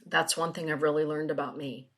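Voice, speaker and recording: A woman's voice: low-pitched, fairly even intonation, brisk. A middle-aged woman, a spiritual teacher, chatting casually with viewers and reading oracle card passages. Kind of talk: casual webinar chat.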